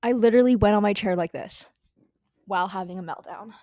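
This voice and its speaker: A woman's voice: mid-range voice, a little fast, a little mellow, dry recording, studio quality. A young woman telling a story in a casual, rambling way, full of fillers, restarts and swearing. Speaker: storytelling vlogger.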